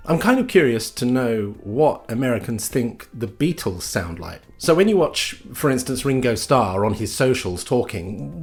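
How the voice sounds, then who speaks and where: A man with a British accent delivering a scripted comic monologue with dry, sardonic mock outrage. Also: medium pitch. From Britain. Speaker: comedy host.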